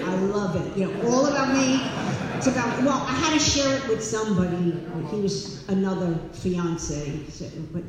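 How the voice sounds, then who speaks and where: A woman sharing her personal recovery story with an audience, warm and animated, laughing and repeating herself as she talks. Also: mid-range voice, moderate pace, crowd noise. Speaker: speaker at a recovery meeting. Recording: echoey hall, distant mic.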